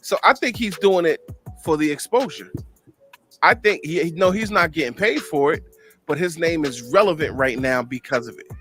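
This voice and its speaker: A man with a slightly high voice argues back calmly in a podcast debate, often stopping and restarting his sentences. Faint music plays quietly under him. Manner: hesitant restarts, measured counterpoints. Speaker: podcast co-host. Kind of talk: casual debate.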